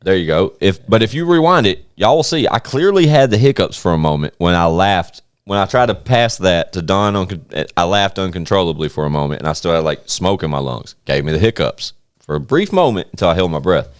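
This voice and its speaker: Casting: low-pitched man, podcast host, swings his pitch a lot, swears freely, dry close mic. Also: fairly quick, smooth, no room sound. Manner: animated, profane storytelling. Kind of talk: casual podcast chat.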